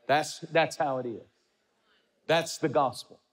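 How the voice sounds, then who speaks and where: A man's voice: a little high, measured pace, in a large hall. A man preaching a sermon as pastor, building emphatic, repetitive rhythms.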